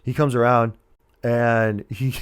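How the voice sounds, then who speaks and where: A man co-hosting a relaxed movie review chat, retelling scenes and slipping into quoted voices, laughing often. His voice is mid-pitched and sounds dry and close to the mic. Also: slow pace, smooth, no room sound. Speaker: podcast co-host.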